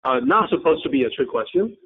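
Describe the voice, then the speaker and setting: A man teaching a class, explaining patiently in short halting phrases and inviting students to guess. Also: fairly high pitch, expressive, breathy edge. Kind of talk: online class lecture. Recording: tinny phone-like line.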